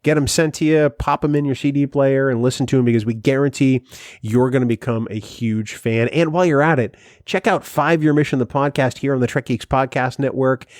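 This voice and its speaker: A man co-hosting a casual podcast chat, upbeat and running quick promo plugs. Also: mid-range voice, a little mellow, no room sound, studio quality. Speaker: podcast co-host.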